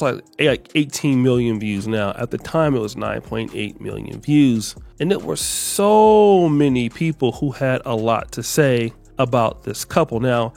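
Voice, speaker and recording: Male commentator, casual and lively, mid-range voice. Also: medium pitch, gravelly. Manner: animated, reads out posts, begs for sound effects. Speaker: online commentator.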